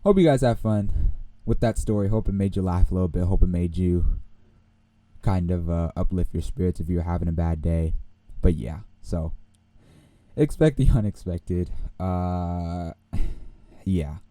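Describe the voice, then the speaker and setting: A young man hosting a podcast, telling a rambling, animated story and laughing often. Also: sits low, unhurried, no echo. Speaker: podcast host. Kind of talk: casual storytelling.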